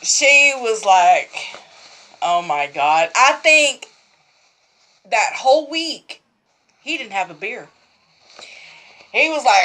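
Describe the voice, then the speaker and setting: A woman's voice: a little high, lively intonation, slow, pauses often, a bit bright. A woman who runs a sewing vlog, telling a story in a rambling, repetitive way and laughing throughout. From Texas. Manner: rambling, repeats herself. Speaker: sewing vlogger. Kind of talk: casual storytelling.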